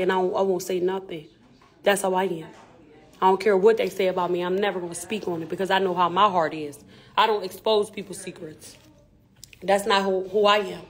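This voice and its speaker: A woman rapper, talking candidly and emphatically on a live stream in repetitive street slang. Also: medium pitch.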